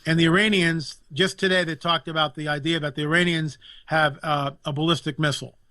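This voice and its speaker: An indignant man holds forth as a guest commentator, hammering points home with repetition. His voice sits a little high and comes across bright and forceful. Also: steady tone, fairly quick, no room sound. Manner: emphatic, indignant, repeats phrases for effect. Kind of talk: impassioned political talk.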